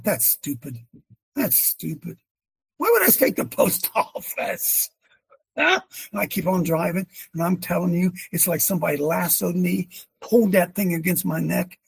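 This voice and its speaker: A man leading a prayer gathering, talking in an animated preachy way and quoting scripture. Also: high-pitched, gravelly, slightly rough, no room sound. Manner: animated, exclaims and quotes scripture. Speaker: leader of a men's prayer gathering. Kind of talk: preachy casual chat.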